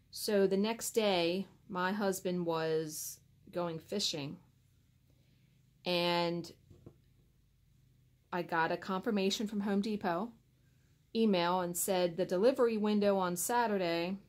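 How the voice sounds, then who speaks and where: Exasperated woman telling a story. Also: medium pitch. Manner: animated, exasperated retelling with acted-out quotes. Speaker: cross stitch vlogger. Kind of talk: casual storytelling to camera.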